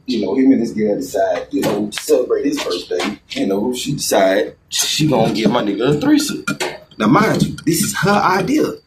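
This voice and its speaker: A man telling a story in a casual, slangy, animated way, out in a garden. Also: mid-range voice, moderate pace, noisy background. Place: outdoors in a garden.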